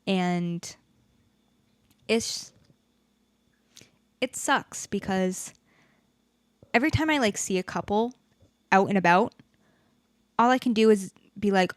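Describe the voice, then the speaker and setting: Speaking slowly, with long pauses, a young woman with a smooth mid-range voice hosts a candid solo podcast. Her animated venting comes with frequent swearing, recorded in studio quality with no echo.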